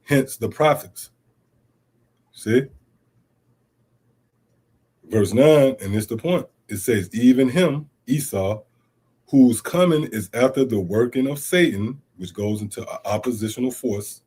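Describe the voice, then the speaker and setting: A man's voice: mid-range voice, slow pace, pauses often, a little mellow, husky. A middle-aged man teaching scripture, reading verses aloud and then explaining them emphatically with rhetorical questions and casual asides like "see?" and "man.". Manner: casual street-inflected speech with "man" and "see?". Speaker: Bible teacher. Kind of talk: scripture teaching streamed online.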